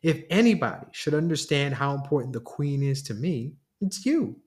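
A man's voice: fairly high pitch, sing-song, normal speed, darkish tone. A man reading a story, voicing a woman friend who speaks eagerly and pleads. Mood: pleading.

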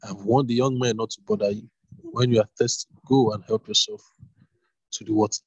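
A man voicing a kind, generous landowner in a read-aloud Bible story, with a husky voice close to his own. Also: on the low side, steady tone, brisk, dry recording, low-quality recording.

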